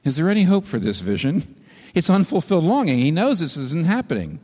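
A male pastor delivers a sermon with a lively, animated voice that swoops up high for emphasis and drops low for weight. His words ring out in a large hall with a long reverb trailing behind them. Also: fairly quick. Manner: impassioned preaching, rising sharply in pitch for emphasis.

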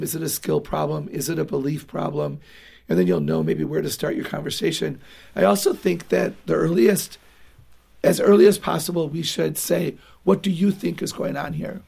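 A woman's voice: low voice, creaky, a little mellow, slightly rough. A woman guest on a radio show, talking earnestly and emphatically about raising children, sometimes acting out what a parent and child would say. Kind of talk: radio interview talk.

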